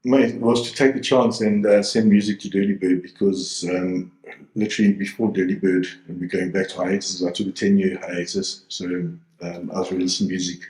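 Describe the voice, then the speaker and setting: Deep-voiced man in his forties, rambling. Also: level tone, normal speed, a little mellow. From South Africa. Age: 40s. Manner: rambling, many fillers and restarts. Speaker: DJ and producer guest. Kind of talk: casual interview chat. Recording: roomy echo.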